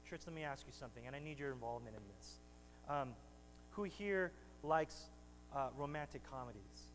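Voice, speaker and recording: A man's voice: mid-range voice, quick pace, big-room sound, a little hiss or hum, poor audio. A man preaching a sermon to his congregation in a church, bantering with them and rising to emphatic preaching. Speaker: pastor. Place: church sanctuary.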